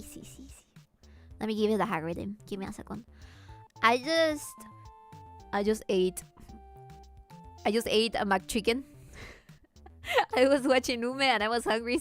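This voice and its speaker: A woman from Latin America chatting casually while streaming a game, rambling and swearing freely as she goes. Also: on the high side. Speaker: VTuber streamer.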